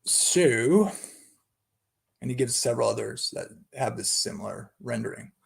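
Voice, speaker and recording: A man's voice: mid-range voice, expressive, measured pace, creaky. A man giving an unscripted Bible study talk, thinking aloud with many restarts and asides.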